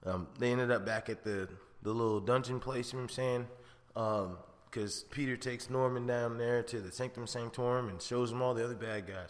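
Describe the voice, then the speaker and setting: A man's voice: medium pitch, steady tone, a little fast, in a large hall. A man hosting a podcast, reviewing a film in a rambling, profane, slangy way with frequent laughs. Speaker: podcast host. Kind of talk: casual film review chat.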